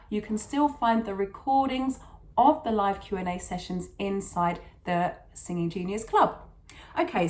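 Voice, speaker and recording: A woman teaching an online singing lesson, encouraging and repeating words for emphasis. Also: medium pitch.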